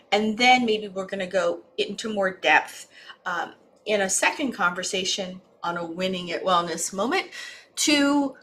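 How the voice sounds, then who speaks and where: Chatty woman hosting a wellness livestream, bright voice, talks a lot and laughs easily. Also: medium pitch, a little hiss or hum. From East Coast of the United States. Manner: chatty, talkative, laughs often. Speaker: wellness program host. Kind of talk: casual livestream introduction.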